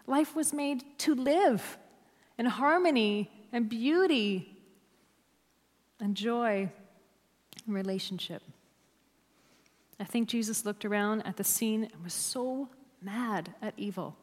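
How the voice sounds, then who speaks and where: A woman's voice: fairly high pitch, takes it slowly, long pauses. A woman preaching a sermon to a church, emphatic and dropping to near-whispers on key words. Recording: long hall reverb.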